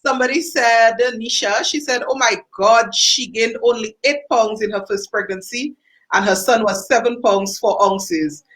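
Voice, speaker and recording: A woman's voice: a little high, steady tone, moderate pace, fairly bright tone, low-quality recording. A woman co-hosting a radio show, cheerfully reading out listener comments. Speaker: radio co-host.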